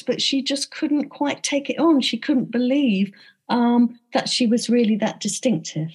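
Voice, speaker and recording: Thoughtful woman, slightly high voice. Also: measured pace, darkish tone, slightly rough. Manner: thoughtful, with frequent ums and restarts. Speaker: author and interview guest. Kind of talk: conversational interview.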